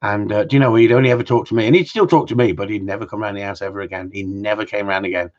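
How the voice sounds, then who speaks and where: A man with a lowish voice talks very fast while hosting a casual live-stream Q&A from home. He rambles and jokes with some mild swearing, and the lo-fi recording sounds slightly dull.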